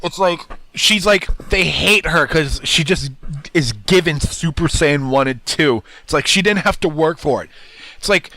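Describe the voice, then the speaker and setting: A man's voice: fairly high pitch, animated, unhurried, bright, forceful tone, no room sound. A young man chatting casually on a podcast, ranting and restarting his sentences as he goes. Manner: ranting, repeats words and restarts a lot. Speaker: podcast co-host.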